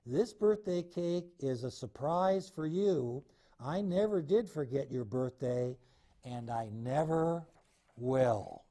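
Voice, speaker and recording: Gentle sensible mother bear, as a man reads her, calm and reassuring, unhurried. A mellow picture-book parent voice, a touch raised in pitch. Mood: loving.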